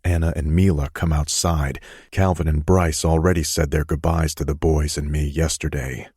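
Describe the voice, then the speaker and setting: A man narrating a romance audiobook in the first person, in a soothing, even manner. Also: extremely low pitch, normal speed, breathy edge, no room sound, studio quality.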